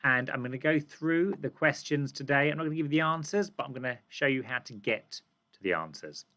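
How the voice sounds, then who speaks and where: British male teacher, medium pitch, expressive and varied, coaxing children through a reading lesson. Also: brisk. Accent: British English. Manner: friendly, questioning, reads lines aloud with emphasis. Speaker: primary school teacher.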